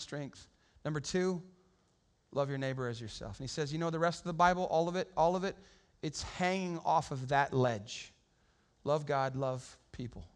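Male pastor, high-pitched, animated conversational sermon style in a church sanctuary. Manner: animated, conversational preaching with acted-out quotes.

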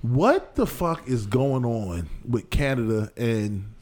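A man co-hosting a podcast in casual banter, loud and profane, quick to laugh. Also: mid-range voice, expressive. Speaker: podcast co-host.

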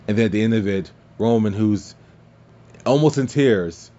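A man hosting a podcast, recapping wrestling in casual, excitable talk, swearing freely and laughing at his own slips. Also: fairly low pitch, moderate pace, highs cut off. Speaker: podcast host.

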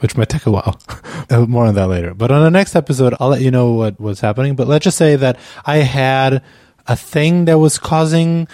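A man hosting a podcast, chatting casually with a guest. He is chatty, laughs easily and trails off mid-thought. His voice sits at an ordinary pitch and sounds close and dry, with no room echo. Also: brisk, a little mellow. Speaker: podcast host. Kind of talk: casual chat. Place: Amsterdam, on a remote call.

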